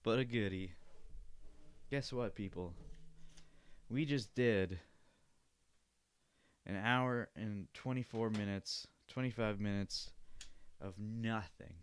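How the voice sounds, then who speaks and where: A man's voice: on the low side, takes it slowly, pauses often, clean tone. A young man hosting a podcast in casual chat, rambling, laughing often and swearing freely. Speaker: podcast host.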